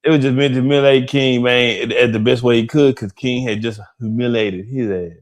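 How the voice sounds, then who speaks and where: A man's voice: medium pitch, steady tone, fairly quick. A man with a Detroit accent co-hosting a casual gossip talk, drawling and laughing often. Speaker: gossip show co-host.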